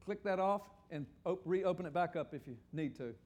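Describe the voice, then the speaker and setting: Older man, pastor's sermon, high voice, lively and joking. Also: moderate pace. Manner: animated, joking, asks the audience questions. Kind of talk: sermon teaching with slides.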